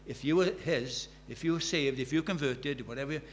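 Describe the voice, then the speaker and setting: A man in his sixties gives an earnest sermon in a mid-range voice at normal speed, weaving in stories and rising to fervent emphasis. The recording carries a little hiss or hum.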